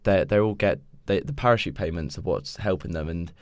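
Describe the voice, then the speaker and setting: A deep-voiced English man talks quickly in a casual football podcast, mostly adding short remarks. He is recorded close and dry. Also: darkish tone, no room sound. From England. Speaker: podcast co-host.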